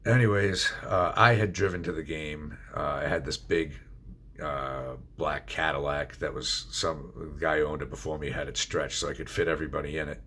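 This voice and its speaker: A middle-aged man with a very deep, husky voice tells his own story of addiction bluntly and confessionally, swearing freely. He speaks at a normal pace, fairly even in intonation, with a pushed, bright quality.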